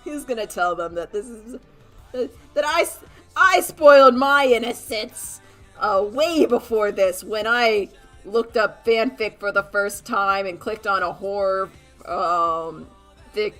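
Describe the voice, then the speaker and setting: Giggly young woman streamer, bright voice. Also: medium pitch, normal speed, faint music behind, poor audio. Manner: giggly, animated storytelling with frequent laughter and mock voices. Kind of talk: casual livestream chat while drawing.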